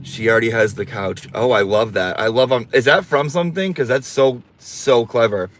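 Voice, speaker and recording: A man with a medium-pitched voice hosts a casual livestream at a moderate pace, campy and sassy, swearing freely as he reads viewer comments out loud.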